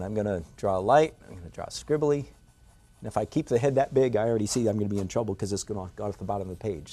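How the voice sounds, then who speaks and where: A man's voice: on the low side, darkish tone. Older man teaching drawing, playful. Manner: playful, self-mocking, rhetorical asides. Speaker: art instructor. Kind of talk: drawing lesson demonstration.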